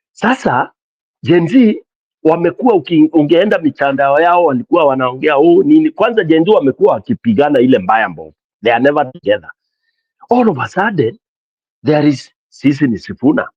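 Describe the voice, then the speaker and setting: A man with a Kenyan accent hosting a casual call-in talk show, animated and mixing English with Swahili. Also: on the high side, no echo, lo-fi sound. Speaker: host of a call-in political show. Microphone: streaming mic.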